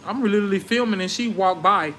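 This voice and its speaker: Male vlogger, somewhat high-pitched, confrontational storyteller. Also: fast talker, slight background noise, poor audio. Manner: brash, confrontational, animated retelling. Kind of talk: profane storytelling rant.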